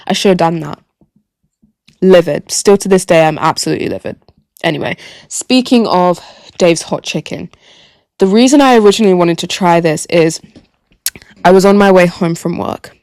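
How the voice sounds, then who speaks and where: A young woman, telling stories on her solo podcast, animated and sweary, repeating phrases for emphasis. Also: fairly low pitch, moderate pace, no echo, clean studio sound. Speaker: podcast host. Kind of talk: casual solo storytelling.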